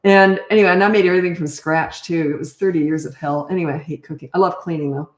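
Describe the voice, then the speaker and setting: A woman's voice: fairly low pitch, fairly even intonation, fast, roomy sound. An older woman coaching parents in casual talk, blunt and no-nonsense, often acting out what parents and children say. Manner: blunt, no-nonsense, acts out quoted lines.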